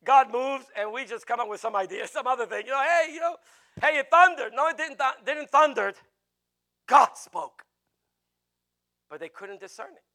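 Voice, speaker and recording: Male preacher, high, bright and forceful; emphatic and repetitive delivery. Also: moderate pace, pauses often. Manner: emphatic, repeats phrases, chuckles often. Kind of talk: sermon.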